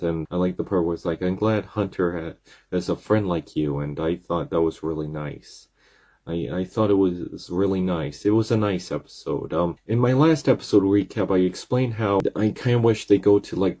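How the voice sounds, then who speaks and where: Man, casual rambling recap delivery, mellow and slightly husky tone. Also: low-pitched. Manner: rambling, excitable retelling with many restarts. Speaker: video recap creator.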